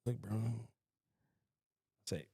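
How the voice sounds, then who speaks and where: A man's voice: lowish voice, slow pace, creaky, warm tone, breathy edge, no room sound, studio quality. A man co-hosting a podcast, mostly chiming in with short reactions during casual chat.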